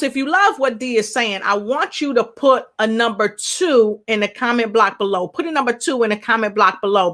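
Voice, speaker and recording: Female talk show host, lively and playful, slightly high voice, addresses the audience directly. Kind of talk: live online interview show.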